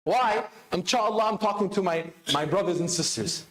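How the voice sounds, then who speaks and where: A man's voice: high-pitched, moderate pace, a bit bright. A man giving a sermon with urgency, asking the crowd questions and answering them himself. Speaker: speaker at a religious celebration. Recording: echoey hall.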